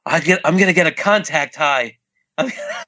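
A man's voice: a little high, normal speed, pushed and bright, no room sound. A middle-aged man, a father, telling a camping story casually and laughing often as he acts out what people said.

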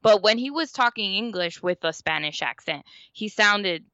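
Bright-voiced woman chatting animatedly. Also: mid-range voice, normal speed, dry recording, lo-fi sound. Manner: animated, storytelling with many "like"s. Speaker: podcast co-host. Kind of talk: casual conversation.

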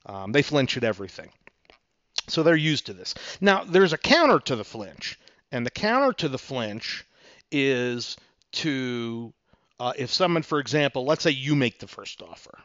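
A man's voice: mid-range voice, very animated, normal speed, fairly bright tone, no room sound, dull audio. Chatty man teaching negotiation tips. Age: middle-aged. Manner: conversational, many fillers, acts out dialogue. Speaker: podcast host, attorney and investor. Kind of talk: casual teaching monologue.

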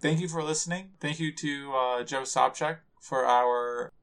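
A man's voice: medium pitch, a bit bright. A man co-hosting a podcast in casual chat, laughing often, teasing his partner, and restarting his sentences. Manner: giggly, teasing, halting restarts. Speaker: podcast co-host.

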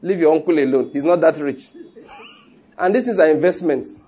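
A man's voice: fairly high pitch, normal speed, dark tone. A man preaching a sermon, emphatic and teasing, often repeating his points. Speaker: pastor.

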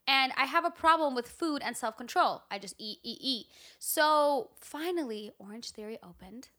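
A young woman co-hosting a casual chat, telling a story with lively, swearing candor. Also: high-pitched. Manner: animated storyteller, swears freely. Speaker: podcast co-host.

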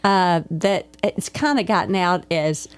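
A woman's voice: fairly low pitch, measured pace, smooth, no echo. A woman from Arkansas with a Southern accent, hosting a casual podcast chat and repeating herself for emphasis. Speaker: host and ministry leader.

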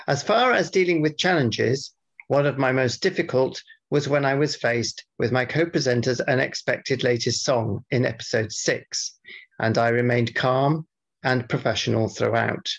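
A man co-hosting a podcast, bantering casually and reading out mock-formal feedback in a dry, deadpan way. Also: medium pitch, moderate pace. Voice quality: gravelly, husky. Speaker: podcast co-host. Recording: dull lo-fi podcast audio.

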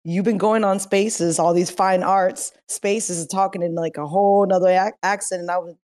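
A woman's voice: on the low side, steady tone, normal speed, darkish tone. A woman in a casual online chat, teasing the others and laughing often.

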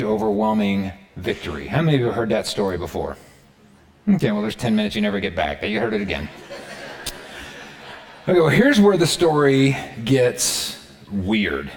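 A man's voice: fairly low pitch, moderate pace. A man preaching a sermon in a casual, conversational way, retelling a story and checking in with his listeners. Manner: conversational, animated, keeps checking in with the audience. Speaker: pastor.

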